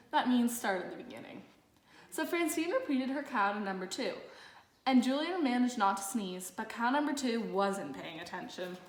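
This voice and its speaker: A woman reading a children's picture book aloud in a lively, expressive storytelling manner. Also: mid-range voice. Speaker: storybook narrator. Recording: roomy echo.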